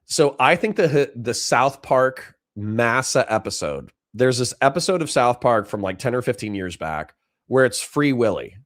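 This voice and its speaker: A man hosting a reaction show in casual commentary, animated and profane. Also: mid-range voice, measured pace, no echo, studio quality. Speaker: host.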